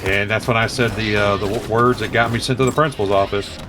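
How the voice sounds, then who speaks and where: Over loud background music, a man streams gameplay and tells a foul-mouthed story, imitating the people in it. His voice is lowish, his intonation fairly even, and his pace quick.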